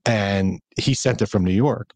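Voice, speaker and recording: Chatty, low-voiced man hosting a podcast. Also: unhurried, a little mellow, no room sound. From Minnesota. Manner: chatty storyteller with teasing humor. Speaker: financial planner and podcast host. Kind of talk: casual podcast chat.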